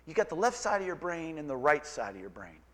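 A man preaching a sermon as pastor, conversational and emphatic, with quick asides. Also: on the high side, big pitch swings, a bit bright.

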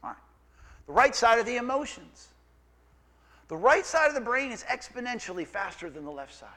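A man preaching a sermon as pastor, conversational and emphatic, with quick asides. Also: very high voice, sing-song, bright, forceful tone.

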